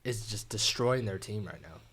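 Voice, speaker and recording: A man's voice: on the low side, normal speed, a bit bright, husky. A young man co-hosting a casual sports podcast, chatty and ready with hot takes. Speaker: podcast co-host.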